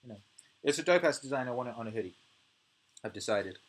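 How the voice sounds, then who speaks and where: British male streamer in his thirties, casual, profane, animated ranting. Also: mid-range voice, quick pace. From United Kingdom. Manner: swears freely, animated rants, laughs often. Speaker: music producer and livestream host. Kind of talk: casual livestream chat reading viewer comments.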